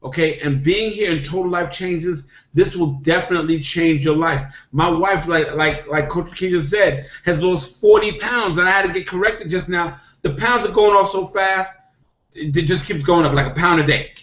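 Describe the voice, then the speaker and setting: A middle-aged man speaks in a somewhat high voice, pressing his points and circling back to them with a repeated "okay?". The sound is dull and lo-fi from a video call, with an echoey room around him. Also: moderate pace, fairly bright tone. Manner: emphatic, repetitive, punctuates with "okay?". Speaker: network marketing distributor. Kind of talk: motivational hangout talk.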